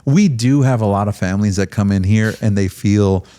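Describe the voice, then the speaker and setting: A man's voice: lowish voice, a little fast, mellow. A man with a Midwestern American accent hosting a podcast, telling stories in an irreverent, joking way. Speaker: podcast host. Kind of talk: casual podcast conversation.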